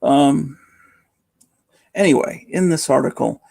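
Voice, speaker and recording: A hoarse man in his fifties hosting a rambling, casual late-night livestream from home, keeping his voice down. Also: fairly high pitch, takes it slowly, a little mellow. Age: 50s. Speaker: livestream host.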